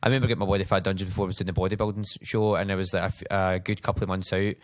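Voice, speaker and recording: Fast-talking Scottish man, casual storyteller. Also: deep voice, level tone, no room sound, clean studio sound. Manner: rambling storyteller, acts out voices in anecdotes. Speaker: personal trainer and podcast host. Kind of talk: casual chat.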